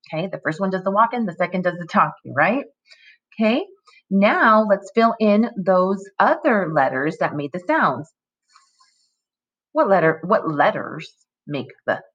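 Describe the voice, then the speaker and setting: A woman with a fairly low voice leads young children through a phonics lesson. She speaks slowly in a lively, sing-song teacher manner and keeps prompting them with questions. The sound is dull and lo-fi.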